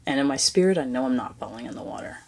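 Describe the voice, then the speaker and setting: A woman hosting a spiritual podcast, telling a personal story in a soft, halting way that often sinks to a near-whisper, with many fillers and restarts. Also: rumbling low, expressive, gravelly. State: tearful, emotional. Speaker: podcast host.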